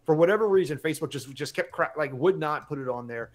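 A middle-aged man hosts a loose live-stream chat, his speaking voice sitting a bit high. He rambles, starts over often and works himself up, with casual swearing. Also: fast. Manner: rambling, excitable, many restarts, swears.

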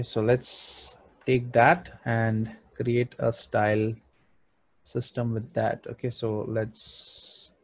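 A man's voice: mid-range voice, a little mellow, dry recording. A man thinking aloud with frequent fillers as he narrates a screen-recorded design tutorial. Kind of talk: screen-recorded software walkthrough.

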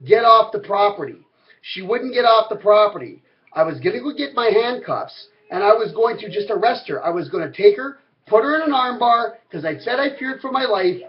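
Guy with a high voice ranting at the camera, swearing a lot, muffled lo-fi sound. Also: expressive, brisk. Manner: profane, rambling, heated. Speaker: vlogger. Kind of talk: angry rant to camera.

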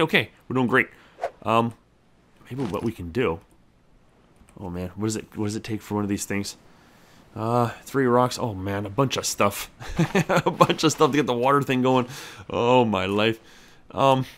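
Young male gamer, lively pitch, chatty self-talk, faint clicking behind. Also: a little hiss or hum. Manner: animated, talks to himself and the game character. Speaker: gameplay commentator. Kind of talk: let's play commentary.

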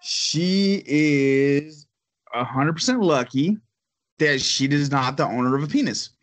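A man rambles through a story in casual chat, swearing freely and padding it with fillers. His voice sits a little higher than most men's. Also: takes it slowly. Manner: profane, rambling, full of fillers. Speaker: podcast host.

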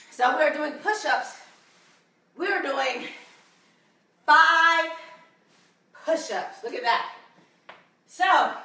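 A woman fitness instructor coaches a home workout with a bright, high voice, counting reps and cheering viewers on. She breathes hard at times, and her voice rings in an echoey room, picked up from well away from the mic. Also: recorded from a distance. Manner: encouraging, counting reps aloud.

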